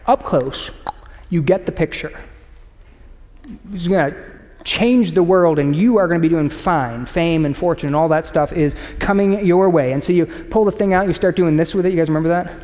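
A man delivers a sermon in a casual, storytelling way and acts out little exchanges. His voice sits high for a man. A long reverb trails behind him, like a church auditorium. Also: moderate pace, a little hiss or hum. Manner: conversational, animated storytelling with acted quotes. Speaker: pastor. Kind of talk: sermon to a congregation.

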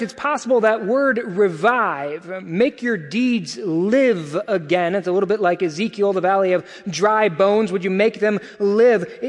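A male pastor preaching a sermon in a conversational, animated way, with casual asides. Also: sits high, in a large hall.

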